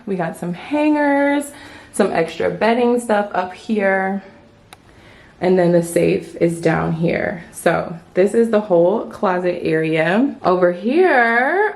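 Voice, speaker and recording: Excited young woman touring a hotel room. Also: medium pitch, takes it slowly. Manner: excited, chatty, playful slang. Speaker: travel vlogger. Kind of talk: casual vlog room tour.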